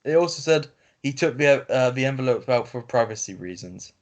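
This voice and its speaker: Reading an online story aloud to his co-host on a video call, this man keeps tripping up, restarting, and correcting himself, scattering fillers as he goes. His voice is animated and sits mid-pitch. It's casual podcast chat captured in lo-fi call audio.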